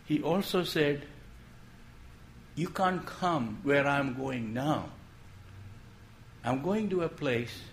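A man preaching a sermon in a gentle storytelling way, posing questions and then dropping his voice to make a point. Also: on the high side, slow pace, pauses often, slight background noise. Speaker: pastor.

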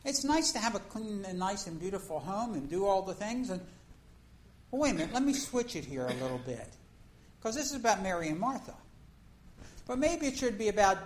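A woman preacher giving a conversational sermon, telling a story in an animated way and acting out the scenes. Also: medium pitch, low-quality recording.

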